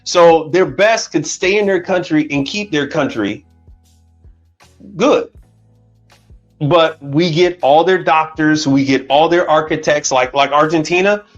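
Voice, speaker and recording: A man's voice: fairly high pitch, a little slow, lo-fi sound, soft background music. A man hosting a casual livestream chat, talking bluntly and with a lot of swearing. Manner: blunt, profane, animated. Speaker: livestream host. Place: Houston, Texas.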